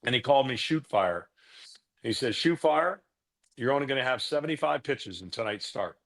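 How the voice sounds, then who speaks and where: A middle-aged man, a former pitcher, telling stories from his career in a casual interview, now and then acting out the voices of the people in them. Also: brisk. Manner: relaxed, anecdotal, acts out quoted voices.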